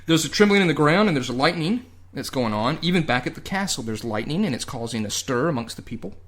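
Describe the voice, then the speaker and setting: A man's voice: on the high side, animated, quick pace. A man co-hosting a casual podcast, narrating a movie's plot with wry, crude humor. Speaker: podcast co-host. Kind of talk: casual movie recap chat.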